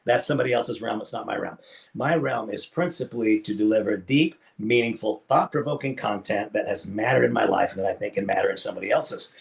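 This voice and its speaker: During a live online business training session, a man speaks in an emphatic, preacherly style, his pitch and volume jumping suddenly. He talks fairly quickly in a gravelly voice and addresses his audience directly as folks.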